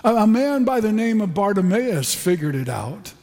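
A man's voice: high voice, big pitch swings, normal speed, a little mellow. A man preaching a sermon with fervent, emphatic delivery and repeated phrases. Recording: echoey hall with long reverb.

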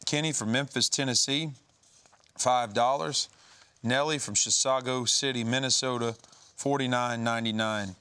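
A man's voice: medium pitch, steady tone, normal speed, bright, forceful tone, smooth. A man hosting a religious telethon, reading donor names and amounts, adding prayerful remarks and light joking asides. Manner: easygoing, joking asides between prayerful comments. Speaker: telethon host.

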